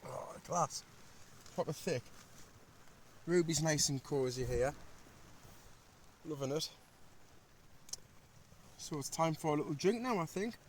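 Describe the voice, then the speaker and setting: A man's voice: on the high side, unhurried, long pauses, a little hiss or hum. Chatty man. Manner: chatty, animated anecdotes with local slang. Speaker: vlogger. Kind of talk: casual chat and storytelling. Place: inside a small tent while wild camping.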